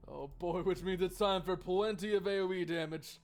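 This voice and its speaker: A man's voice: high voice, steady tone, moderate pace, few pauses, soft background music. A man streaming a live board game playthrough, chatty and joking while thinking aloud about his moves.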